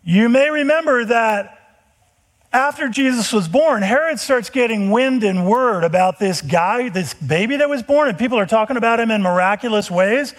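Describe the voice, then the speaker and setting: Male pastor, high voice, energetic storyteller who acts out the scenes in a sermon. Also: normal speed. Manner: animated storytelling, acting out dialogue.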